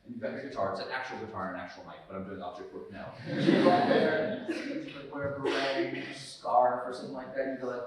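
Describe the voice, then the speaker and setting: A man from the United States speaking as a guest, telling a lively anecdote and acting out the scenes, often laughing. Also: mid-range voice, racing, few pauses, noisy background. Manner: lively, laughing storyteller who acts out scenes. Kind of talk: storytelling anecdote on stage. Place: large hall at a student society event. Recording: echoey hall, far from the mic.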